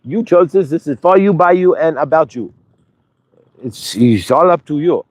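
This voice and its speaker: In a motivational spiritual talk on his channeling show, a man rambles, restarts sentences partway, and draws listeners in with one rhetorical question after another. His voice is a little high and expressive, at a normal pace.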